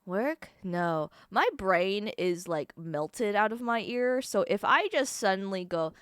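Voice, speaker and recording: A woman's voice: medium pitch, animated, clean tone, dry recording, studio quality. A young woman livestreaming in casual chat, rambling, swearing and stumbling over her words. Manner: rambling, swearing, quick self-corrections.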